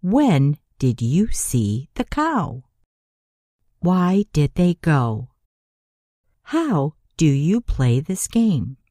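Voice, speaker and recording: A woman narrating a scripted grammar lesson as an English teacher, speaking deliberately and spelling out letters for learners. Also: deep voice, very animated, warm tone, no room sound.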